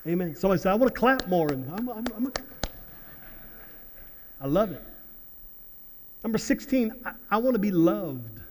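A man preaching a sermon as pastor in church, halting and repeating words, then building to loud outbursts. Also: high-pitched, very animated, slight background noise. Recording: long hall reverb.

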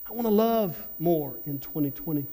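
A man preaching a sermon as pastor in church, halting and repeating words, then building to loud outbursts. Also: on the high side, animated, creaky. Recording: long hall reverb.

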